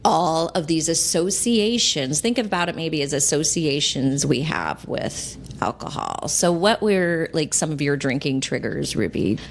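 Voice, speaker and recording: Gentle low-voiced woman coach. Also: expressive, measured pace, hardly any pauses, a little hiss or hum. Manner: gentle, reassuring, acts out inner voices. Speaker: sobriety coach and podcast host. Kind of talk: conversational podcast coaching.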